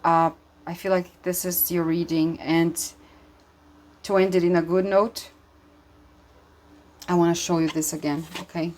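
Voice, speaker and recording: A woman's voice: lowish voice, flat delivery, a little slow, pauses often, a little mellow. A woman giving an intuitive tarot reading, speaking earnestly and emphatically, with many fillers and restarts, and audibly moved. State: emotional, moved. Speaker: tarot reader.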